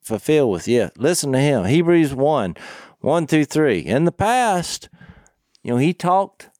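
A man's voice: on the high side, big pitch swings, a little slow, a little mellow, dry recording. Man, earnest, reads scripture aloud, casual Bible chat, dry close mic. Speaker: co-host of a Bible discussion podcast. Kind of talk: casual Bible study chat, reading verses.

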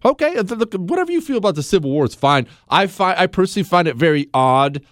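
A man's voice: sits high, big pitch swings, fast talker, hardly any pauses, no room sound, clean studio sound. A man hosting a political talk show, speaking emphatically in a sarcastic tone and firing off rhetorical questions.

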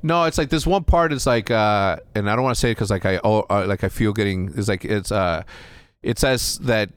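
A man's voice: on the low side, fairly quick, clear, resonant tone, no room sound. A young man from Mexico telling a story in casual chat, rambling with restarts and a lot of swearing. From Mexico (Juárez). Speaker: podcast guest.

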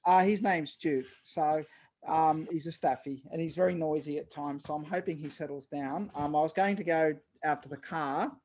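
A woman's voice: low voice, moderate pace, a little mellow, a little hiss or hum. A woman with an Australian accent, a podcast guest calling in from home, cheerful and giggly, with many ums as she talks. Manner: cheerful, giggly, hesitant with fillers. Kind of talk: casual interview chat. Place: home in Sydney.

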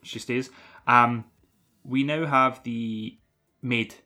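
A man's voice: medium pitch, fairly even intonation, extremely slow, sharp tone, faint music behind. A man with a Scottish accent, co-hosting a podcast and recapping a film in a rambling, jokey, sweary way. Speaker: podcast co-host. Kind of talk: casual film recap chat.

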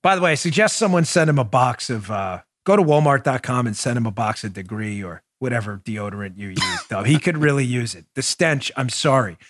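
Sarcastic man with a lively voice. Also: medium pitch, fairly quick, few pauses, no echo, clean studio sound. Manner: sarcastic, mocking, emphatic. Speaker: podcast host, former police officer. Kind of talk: political commentary podcast.

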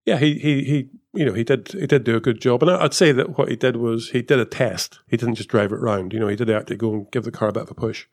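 A man's voice: mid-range voice, fast, hardly any pauses. A man, a former motor racing engineer, talking casually in an interview, rambling with many fillers and restarts. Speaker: former F1 technical director and race engineer.

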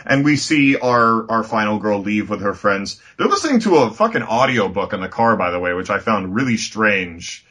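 A man co-hosting a casual movie review, recapping the plot in an animated, mocking way. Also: on the low side, normal speed, few pauses. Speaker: podcast co-host.

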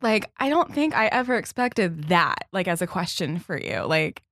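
A woman podcast host talks casually with her guest. Her pitch rises and falls with plenty of expression, and she is recorded dry and close. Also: sing-song, normal speed, fairly bright tone, dry recording. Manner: chatty, laughs easily. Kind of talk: casual interview chat.

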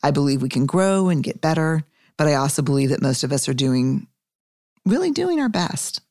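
A woman voicing a calm, gentle woman therapist who asks patient questions. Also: deep voice, moderate pace, no echo, clean studio sound. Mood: calm probing.

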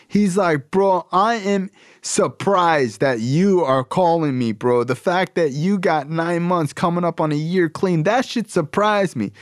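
A man's voice: high-pitched, no echo, studio quality, voice pushed up. A man voicing his blunt, profane male recovery sponsor, who lectures in a harsh, tough-love way.

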